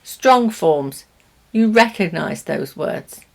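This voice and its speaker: A woman with a British accent teaching English pronunciation, speaking slowly and deliberately, stressing each word for learners. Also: lowish voice, expressive, creaky. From Britain. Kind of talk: language lesson to camera.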